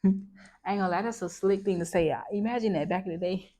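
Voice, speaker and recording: A woman's voice: mid-range voice, fast talker, warm tone. A woman vlogger chatting casually about a Bible passage, reflective and talkative, with lots of filler words. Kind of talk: casual chat about scripture.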